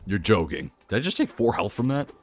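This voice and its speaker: Animated man streaming a game. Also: fairly low pitch, a little fast, creaky, slight background noise. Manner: animated, laughing and chatting with viewers. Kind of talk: live gameplay commentary.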